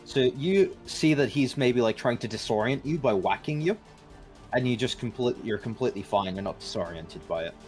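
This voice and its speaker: A man's voice: medium pitch, animated, normal speed, darkish tone, faint music behind. A man narrating as game master of a tabletop game, casual and profane, with frequent "uh" fillers.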